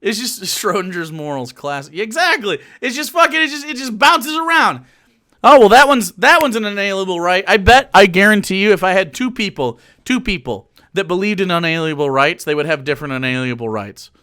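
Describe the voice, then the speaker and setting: A man's voice: high voice, lively intonation, brisk, pushed and bright. A man streaming and reacting to a video, ranting in a profane, exasperated way and laughing in the middle of sentences.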